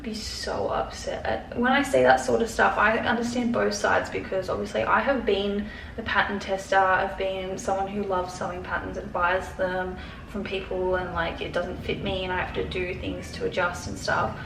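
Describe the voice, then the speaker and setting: A woman in her twenties who designs sewing patterns speaks at a moderate pace in a medium, fairly flat pitch, creaky and slightly bright. Stressed and tearful in her bedroom vlog, she rambles nervously with lots of fillers and swear words, and the room is echoey with faint background noise.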